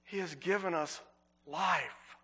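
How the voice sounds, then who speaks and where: A man preaching a sermon as pastor, earnest, repeating words for emphasis and slowing on key phrases. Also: a little high, pushed and bright, slightly rough.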